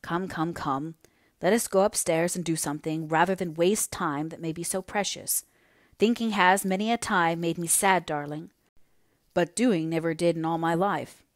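An impatient, energetic young naval officer pushes his grieving sister to act, voiced by a woman reading a classic story. The voice sits low and is recorded close and dry. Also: moderate pace, no echo, close to an everyday voice. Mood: coaxing. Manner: urgent, coaxing, energetic.

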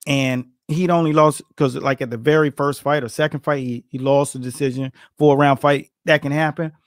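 A middle-aged man tells boxing stories with lots of energy, acting out what people said. His voice sits high for a man. The sound is dry and close, with no room around it. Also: moderate pace, dry recording. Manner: animated, acts out quotes, laughs often. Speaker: boxing coach, guest. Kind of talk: storytelling in casual interview.

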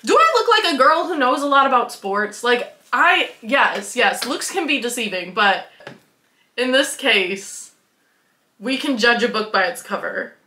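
A woman's voice: on the high side, very animated, unhurried, sharp tone, echoey room. A young woman from Wisconsin telling a story to her vlog, bubbly and giggly, full of "like" and acted-out quotes. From Wisconsin, USA. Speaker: vlogger. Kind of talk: casual storytelling.

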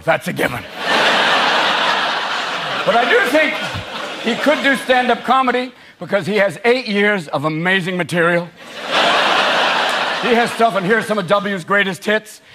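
A man doing a stand-up comedy set in a large theater, talking in an animated way and leaping into shouted impressions. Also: sits high. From United States. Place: large theater with a laughing audience. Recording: live show with loud crowd noise.

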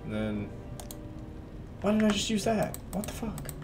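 A man's voice: high voice, very animated, unhurried. A man giving casual gameplay commentary, swearing in frustration and trash talking the game as he plays. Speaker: gamer playing a video game. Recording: game music under the voice. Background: game music and keyboard typing.

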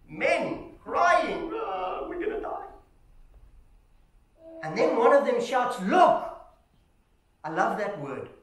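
A man preaching a sermon in a church, telling stories with animated shouts, calling the congregation "family" and asking "Amen?". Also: high-pitched. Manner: animated storytelling, acting out shouts. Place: church hall. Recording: echoey church hall.

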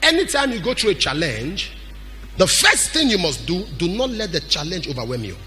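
A man preaches a sermon in a high, bright, forceful voice that swings widely in pitch. He bursts into shouts and slides into a sing-song cadence. Soft music plays faintly behind him. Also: big pitch swings, normal speed. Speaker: pastor.

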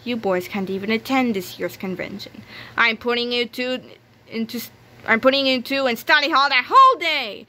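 A woman's voice: fairly high pitch, moderate pace. A woman voicing a grumpy, gloating middle-aged male school principal in a read-aloud storybook. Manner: shouting, gloating.

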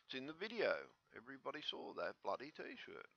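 Slightly slurred because his teeth are out, a man vlogs in a rambling, agitated, excitable, casual way. He speaks briskly at medium pitch, with no room sound, though the recording is dull and lo-fi.

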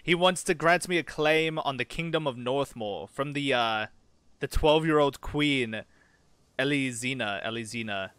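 Bright-voiced man narrating a strategy game. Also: on the high side, measured pace, clear, resonant tone, dry recording. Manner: casual, chatty, mutters reactions to the game. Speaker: gaming channel host. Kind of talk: let's-play commentary, reading in-game events aloud.

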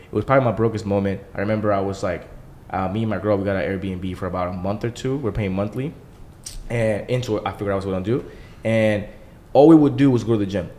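A young man telling stories on a podcast as the guest, casual, fast-moving and full of swearing. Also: on the low side. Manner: fast, profane, animated storytelling. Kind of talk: casual storytelling.

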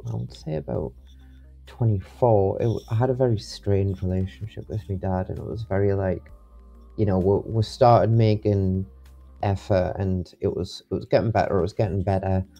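A man's voice: deep voice, fairly even intonation, normal speed, vocal fry, mellow, muffled recording, soft background music. A young man, rambling with many restarts as an interview guest. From England. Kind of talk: casual interview.

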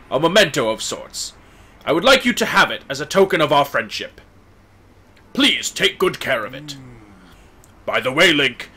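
A man reading out the lines of a kind, stately old fish-folk king from a game, in a formal, measured way. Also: a little high, sharp tone, husky, exaggerated voice.

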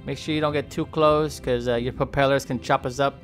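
A man's voice: mid-range voice, steady tone, brisk, faint music behind, lightly acted. A man voicing a chatty, friendly male bowhead whale who rambles, jokes and trash-talks polar bears. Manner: rambling, joking, trash-talking. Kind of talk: playful game commentary role-play.

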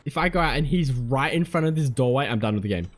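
A man commentating a horror game, jumpy and heavy on swearing, shouting back at the enemies on screen and pleading with his teammate. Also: mid-range voice, lively intonation, fast talker. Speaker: gaming commentator.

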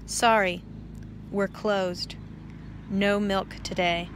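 A woman voicing a group of polite but stubborn barnyard cows, reading their typed notes in a measured, formal way. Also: mid-range voice, little pitch movement, a little hiss or hum.

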